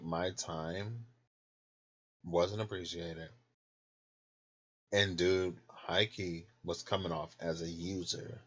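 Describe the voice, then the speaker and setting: Deep voiced guy just chatting loose n honest from bed, munching snacks, kinda muffled recording. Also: fairly bright tone. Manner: candid, loose and chatty, laughs often; snacking while talking. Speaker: tarot channel host. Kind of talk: casual late-night rambling vlog. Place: in bed at home.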